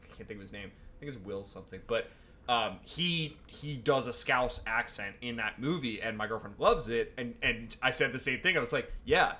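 A man's voice: medium pitch, sharp tone. A man co-hosting a casual football podcast, swearing casually, laughing often and losing his train of thought. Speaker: podcast co-host.

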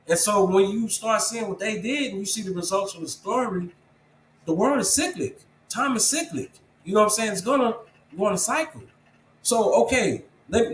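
A man's voice: sits high, normal speed, roomy sound, slight background noise, low-quality recording. A man being interviewed, talking earnestly about faith and perseverance and urging listeners directly in a preachy, casual way. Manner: earnest, preachy encouragement, calls listener "bro". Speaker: interview guest, program founder.

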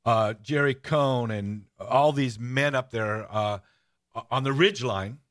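A man hosting a casual podcast chat. He tells stories with eager energy, circling back and restarting his sentences. His voice sits at an everyday mid pitch. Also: slow, a bit bright. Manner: enthusiastic storytelling, rambling with restarts. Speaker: host.

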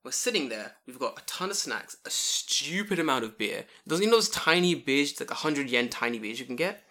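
Animated, swearing male podcast host. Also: medium pitch, fairly quick. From English-speaking foreigner living in Japan. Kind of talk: casual chat.

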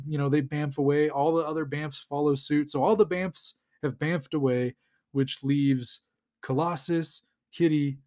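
A man's voice: on the high side, darkish tone. A man hosting a podcast, casually recapping a comic in a rambling way with lots of fillers and chuckles. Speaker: podcast host.

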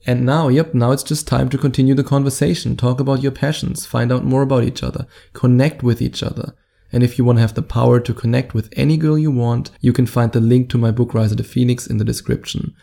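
A man speaking English with a German accent, coaching his viewers on how to talk to women. His voice is dark and mellow with a gravelly edge. He sounds upbeat and salesy and drops playful asides. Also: medium pitch, steady tone, fast. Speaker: dating coach. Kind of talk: direct-to-camera coaching talk.

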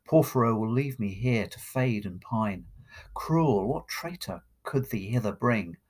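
A man voicing a sorrowful young woman lamenting her lover, recited slowly as poetry. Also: fairly low pitch, expressive, a little mellow. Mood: forlorn. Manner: slow, mournful verse recitation.

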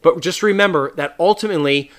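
A man hosts a faith podcast in a loose, earnest monologue. He talks at a slightly higher pitch with a bright, forceful edge, and often stops to restart a thought or add a filler. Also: quick pace. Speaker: podcast host.

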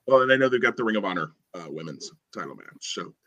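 A man co-hosting a podcast rambles enthusiastically through casual chat, using lots of fillers. He talks fast in a lowish, animated voice that sounds pushed and bright.

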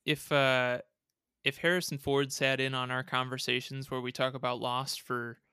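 Easygoing man, smooth and bright voice. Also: medium pitch, flat delivery, normal speed, no echo, studio quality. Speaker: podcast co-host. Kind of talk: casual chat.

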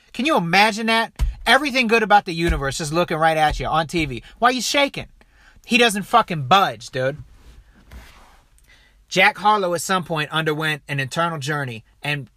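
A man rants through a video clip with casual, foul-mouthed commentary, his voice bright and fairly high. He talks with animated energy, constantly tossing in "dude" and "okay." The sound is dry and close, with no echo.

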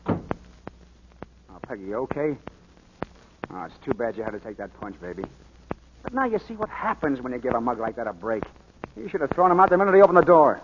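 A man's voice: medium pitch, big pitch swings, a little fast, pauses often, background noise, close to an everyday voice. An actor playing a sneering, bossy male dance partner, in 1940s radio acting style. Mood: scornful. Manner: sneering, jeering. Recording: muffled old radio recording.

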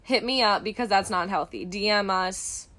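A woman's voice: normal speed, bright, forceful tone. A young woman co-hosting a podcast, chatting casually and bubbly, often gasping and laughing. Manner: doing high squeaky voices when quoting. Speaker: podcast co-host. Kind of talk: casual chat.

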